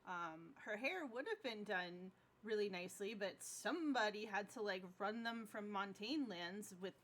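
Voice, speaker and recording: A woman's voice: mid-range voice, expressive, measured pace, a bit bright. A woman player describing her tabletop character in a casual, hesitant way with many fillers.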